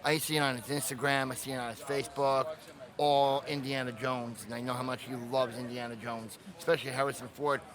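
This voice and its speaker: A man's voice: mid-range voice, flat delivery, a little fast. A man, a friend of the filmmaker, speaking earnestly at an outdoor premiere interview. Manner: earnest, warm praise, fillers. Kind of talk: casual red carpet interview. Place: outdoors, crowd around. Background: crowd chatter.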